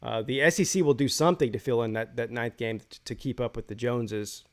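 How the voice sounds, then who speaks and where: A man's voice: mid-range voice, fairly quick. A man hosting a live college football call-in show, giving his opinions in rambling casual talk full of restarts.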